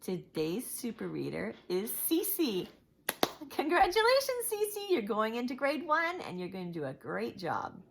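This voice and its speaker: A woman reading a picture book aloud to young children, as a teacher would, with an expressive storytelling manner. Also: medium pitch, unhurried, vocal fry, hardly any pauses, noisy background.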